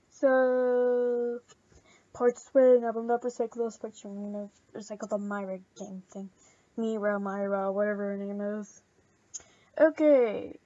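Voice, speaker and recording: A rambling, excitable woman chats through a casual gameplay video and gushes over each gift. Her voice sits a little high with a mellow tone. The sound is dull and lo-fi, close and dry. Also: no echo. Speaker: channel host.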